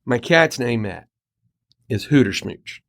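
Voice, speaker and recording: A middle-aged man hosting a podcast, telling a casual story in an animated way and acting out the quoted lines. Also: medium pitch, slow pace, vocal fry. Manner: animated anecdote teller, acts out quoted dialogue. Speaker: podcast host. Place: Colorado home.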